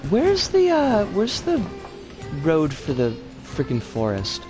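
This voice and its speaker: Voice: huge pitch swings, takes it slowly, over music. A game streamer chatting casually over gameplay and greeting viewers by name. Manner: chatty, greets viewers warmly, swings pitch a lot. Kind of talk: casual live game commentary.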